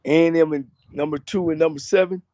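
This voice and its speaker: A man's voice: on the high side, steady tone, fast talker, warm tone, dry recording, clean studio sound. A man, a coach guesting on a video call, laid-back with short plain answers. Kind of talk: casual sports chat.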